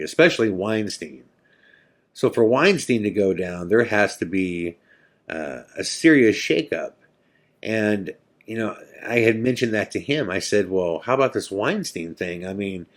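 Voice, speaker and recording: A man hosting a podcast, telling a story in a casual, halting way, full of fillers and repeated words. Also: lowish voice. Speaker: podcast host.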